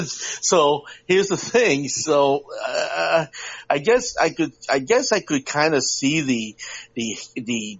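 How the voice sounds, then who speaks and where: Co-hosting a podcast over a lo-fi live audio-app stream, this man talks a little slowly, his voice slightly high and fairly bright. His casual chat wanders, full of restarts and filler words.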